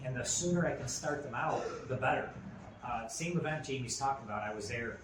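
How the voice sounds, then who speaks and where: A man's voice: mid-range voice, a little fast. A man in his forties co-hosting a podcast, telling a story in casual chat with lots of fillers and restarts. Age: 40s. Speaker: podcast co-host. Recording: roomy echo with faint ambient noise.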